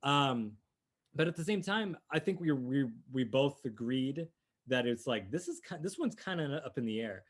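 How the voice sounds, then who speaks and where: A man's voice: medium pitch, lively intonation, moderate pace. Enthusiastic man chatting about movies. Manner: rambling, restarts often, enthusiastic. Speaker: podcast co-host. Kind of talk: casual movie review chat.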